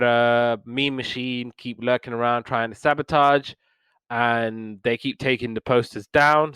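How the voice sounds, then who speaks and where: A man with a smooth, clear voice recaps old cartoons in a loose, rambling way, full of fillers and false starts. He sits at a middle pitch, and his sound is dry and close, with no room around it. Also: a bit bright, no echo. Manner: rambling retelling with many fillers and restarts. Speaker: podcast host reviewing old cartoons. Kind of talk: casual review chat.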